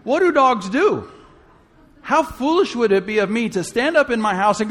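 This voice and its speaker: A man's voice: extremely high pitch, expressive, moderate pace, fairly bright tone. A man preaching a sermon in a conversational way, full of rhetorical questions and humorous asides.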